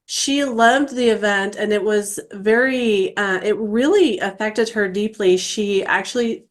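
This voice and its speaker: A woman in her forties hosting an interview, chatting warmly about her own experience, with frequent "um" and "uh" fillers. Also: medium pitch, measured pace. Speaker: interview host. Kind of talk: casual interview chat.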